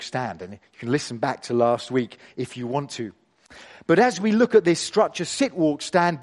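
Expressive male preacher, lively pitch. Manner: expressive, slows down for emphasis. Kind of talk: sermon with scripture reading.

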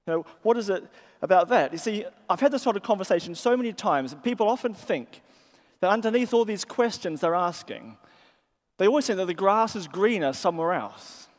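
A man's voice: high-pitched, lively intonation, brisk. A man with a New Zealand accent preaching a sermon to a church, telling stories in a conversational way. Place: church hall. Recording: church hall reverb.

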